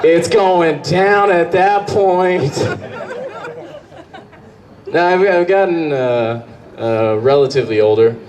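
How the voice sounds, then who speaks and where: A man doing stand-up on a club stage, talking in a rambling, profane, self-mocking way. His voice sits a little high for a man, and faint audience laughter rises in the background. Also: slow, long pauses, a little mellow, a faint crowd. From Colorado. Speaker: stand-up comedian. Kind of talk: live stand-up comedy. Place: live comedy club stage.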